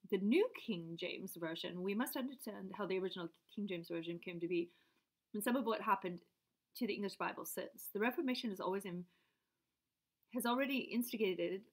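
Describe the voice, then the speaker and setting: Congested woman rambling while reading. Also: mid-range voice. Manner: drifts between reading aloud and chatty asides. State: congested from a cold. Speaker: vlogger reading her father's papers. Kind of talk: casual rambling talk and reading aloud.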